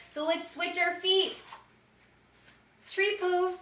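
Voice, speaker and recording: A woman's voice: extremely high pitch, steady tone, takes it slowly, long pauses, a bit bright. A woman leading a children's yoga lesson, upbeat and encouraging, calling out poses and animal sounds for the kids to copy. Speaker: yoga teacher. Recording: echoey room, from a distance.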